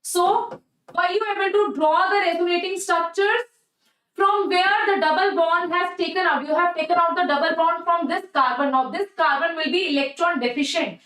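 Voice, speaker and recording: A woman's voice: extremely high pitch, steady tone, normal speed, fairly bright tone, reverberant, distant mic, poor audio. A woman with an Indian English accent teaching a chemistry exam-prep lecture, repeating herself and asking "okay? right?" often. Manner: repetitive, coaxing, checks "okay? right?" often.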